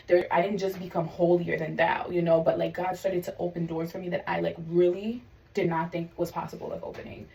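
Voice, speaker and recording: Animated young woman telling a faith testimony. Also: mid-range voice, recorded from a distance, rough recording. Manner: animated storytelling, quoting God and others in lively voices. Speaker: vlogger sharing testimony.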